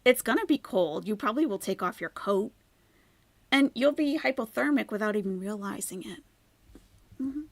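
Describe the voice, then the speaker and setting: A woman hosting a reaction commentary channel, talking in a sarcastic, critical way with quiet asides. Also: mid-range voice, lively intonation, normal speed, creaky.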